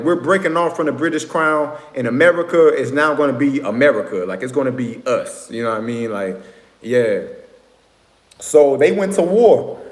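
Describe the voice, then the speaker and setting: A man's voice: fairly high pitch, a little mellow. Rambling man in an echoey room. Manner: rambling, lecturing, fills pauses with "right?" and "you know what I'm saying". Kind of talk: casual monologue to viewers. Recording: echoey room with long reverb.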